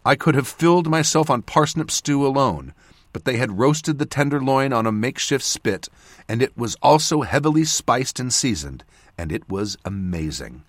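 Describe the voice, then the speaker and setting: A man narrating a fantasy audiobook in the first person with expressive storytelling. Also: medium pitch, moderate pace, dry recording.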